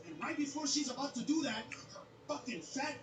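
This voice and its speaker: A man doing stand-up, ranting loudly and profanely, often breaking into shouts. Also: extremely high pitch, expressive, brisk, echoey room, music in the background. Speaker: stand-up comedian. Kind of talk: stand-up set.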